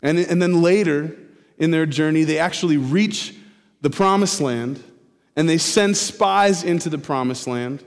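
A male pastor preaching an expository sermon, repeating key phrases slowly for emphasis. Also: a little high. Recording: preaching in a hall with long reverb.

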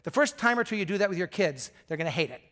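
A man's voice: high-pitched, big pitch swings, very fast, fairly bright tone. A middle-aged male pastor preaching a sermon in an earnest, emphatic way.

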